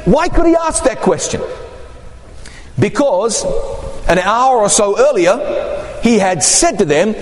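A man preaching a sermon, telling stories with lively acted-out quotes. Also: high voice, slow, long pauses. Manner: animated storytelling with acted quotes. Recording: echoey hall with long reverb.

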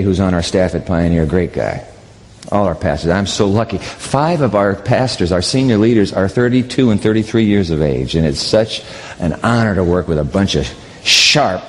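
A man with a fairly low, darkish voice preaches, telling a story in a candid, rambling way with frequent restarts. The sermon is recorded with long reverb in a large hall.

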